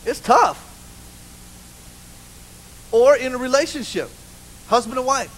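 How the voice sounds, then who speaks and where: A man preaching a sermon in church, an animated, humorous storyteller who keeps saying "you know". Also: extremely high pitch, slow, rough recording. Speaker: pastor. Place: church with a live congregation.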